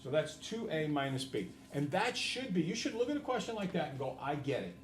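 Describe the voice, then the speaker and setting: A man's voice: a little high, big pitch swings, fairly quick, a little hiss or hum. A man who teaches math, lecturing his class and then working through problems with his students.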